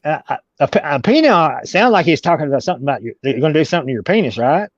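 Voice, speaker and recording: A man's voice: on the high side, big pitch swings, rapid-fire, no room sound. A man telling a long story as an interview guest, rambling with many restarts. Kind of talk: casual storytelling. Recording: dull lo-fi recording.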